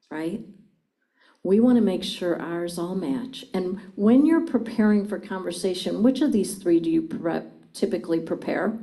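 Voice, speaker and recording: A woman's voice: fairly low pitch, dark tone, poor audio. A middle-aged woman presenting a communication seminar to a live audience, engaging them with frequent questions. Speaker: communication trainer.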